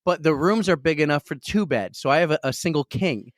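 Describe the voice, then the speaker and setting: A man co-hosting a podcast from a hotel conference room, telling stories in a loud, excitable, energetic way. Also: a little high, a little fast, no room sound, clean studio sound. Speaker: podcast co-host. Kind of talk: casual chat. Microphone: computer setup.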